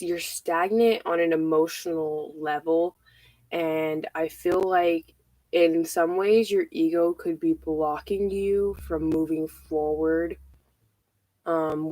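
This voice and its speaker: A woman giving a casual tarot reading, out of breath, halting and repeating herself with many fillers. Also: deep voice, fairly even intonation, darkish tone, no room sound, rough recording. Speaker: tarot reader.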